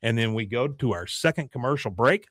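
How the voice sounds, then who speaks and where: Brief: casual male podcast host, mid pitch, animated storytelling. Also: brisk, dry recording, studio quality. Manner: chatty storytelling with frequent fillers. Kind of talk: casual episode recap.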